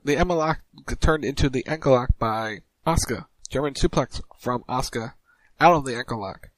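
A man co-hosting a casual podcast, recapping wrestling moves in quick play-by-play style. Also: expressive, no echo, low-quality recording. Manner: rapid recap, mimics crowd chants in a higher voice.

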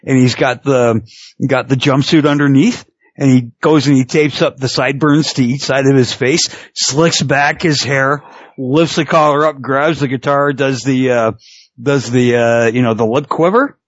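A man's voice: medium pitch, normal speed, no room sound. A middle-aged man in casual chat who laughs often, swears freely and tells stories with energy. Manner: laughs often, profane, animated storytelling. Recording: dull lo-fi sound.

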